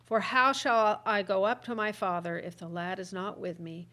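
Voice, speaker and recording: Woman, scripture reader, measured earnest delivery, mid-range voice. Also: medium pitch, fairly even intonation, pushed and bright. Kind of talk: reading scripture aloud.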